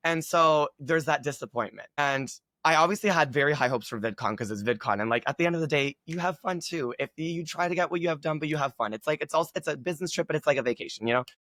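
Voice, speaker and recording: A man's voice: a little high, fast, few pauses, fairly bright tone, no room sound. A man chatting as a guest creator, gushing and upbeat, with lots of filler words. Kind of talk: casual chat.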